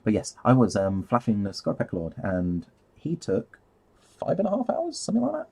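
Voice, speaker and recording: A man's voice: fairly low pitch, huge pitch swings, normal speed, dark tone, husky. A man rambling casually on a live stream while painting, easily sidetracked and laughing at himself.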